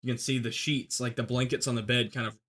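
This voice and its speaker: A young man telling a war story on a podcast, rambling with many fillers and restarts, and shouting when he acts out commands. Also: medium pitch, flat delivery, fast.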